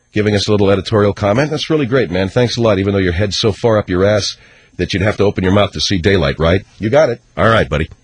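A man hosting a call-in radio talk show, chatting in a sardonic, animated way. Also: mid-range voice, slight background noise.

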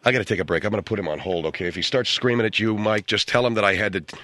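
A man's voice: on the low side, very fast, sharp tone, no room sound. A male radio talk show host on a comedy show, talking in a flustered, hesitant, apologetic way into a studio microphone.

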